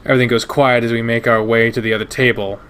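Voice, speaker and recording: A man reading a visual novel aloud in first person, steady and measured. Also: medium pitch, slight background noise. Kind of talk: first-person narration of a game.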